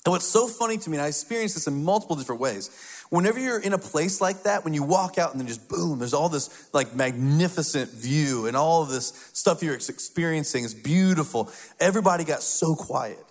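Conversational pastor in a reverberant hall. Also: male voice, on the high side, lively intonation, a little fast. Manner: conversational, storytelling, drops to hushed asides. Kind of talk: sermon. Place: church sanctuary. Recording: long reverb of a large hall.

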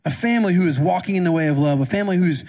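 Racing through his sermon, a pastor speaks in a high-pitched voice with a darkish tone. He addresses the congregation conversationally, asking them questions, and the church sanctuary lends a long reverb to the recording.

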